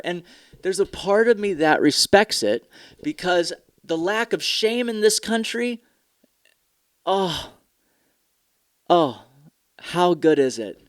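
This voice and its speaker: A man's voice: sits high, lively intonation, slow, long pauses, no room sound. Young male podcast host, worn out, profane and sarcastic, dry close sound. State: tired. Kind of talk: casual solo podcast rant.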